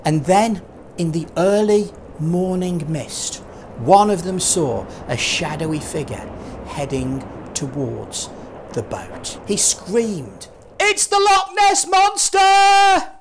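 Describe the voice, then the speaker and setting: A man telling a Bible story to children in a playful, dramatic way. His voice is very lively, rising high and dropping low as the story goes. He sounds like a children's ministry puppeteer. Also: slow, noisy background. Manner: playful, dramatic, with lots of vocal swings.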